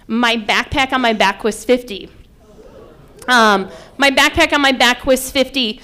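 A woman in her thirties from upstate New York, telling a personal story in an animated way and acting out the quotes loudly. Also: a little high, measured pace, clear, resonant tone.

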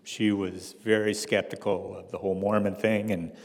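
A man's voice: on the low side, flat delivery, moderate pace, in a large hall. A man telling a personal story to an audience with wry, dry humor.

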